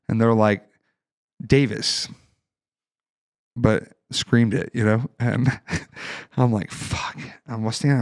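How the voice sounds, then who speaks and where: A man from Ohio in his thirties swears his way through a lively story as a podcast guest. He acts out other people's lines with plenty of energy, and his voice sits at a middle pitch. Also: clear, resonant tone. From Ohio, United States. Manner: profane, animated storytelling with acted-out quotes. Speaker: podcast guest, fighter and Marine veteran. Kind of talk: casual storytelling chat.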